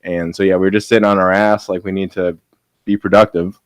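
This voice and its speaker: Brief: deep male voice, rambling upbeat guest, dry close mic. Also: flat delivery, a little fast, no echo. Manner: filler-heavy, upbeat, lots of "like". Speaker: podcast guest. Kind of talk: casual chat.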